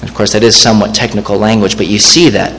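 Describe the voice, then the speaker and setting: Low-voiced pastor preaching in reverberant hall. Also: male voice, steady tone, a bit bright. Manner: measured, slows down to read scripture. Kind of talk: sermon. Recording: long hall reverb, faint ambience.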